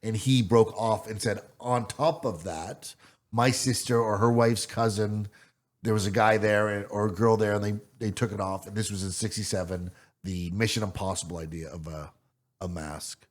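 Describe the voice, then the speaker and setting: A man's voice: lowish voice, fairly even intonation, normal speed. A man co-hosting a podcast in casual chat, rambling and circling back to his points. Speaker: podcast co-host.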